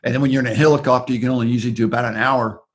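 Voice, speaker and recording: A man's voice: medium pitch, fairly even intonation, very fast. An Australian man talking loosely in a casual interview, rambling through stories with frequent restarts. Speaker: interview guest, former aerial survey worker.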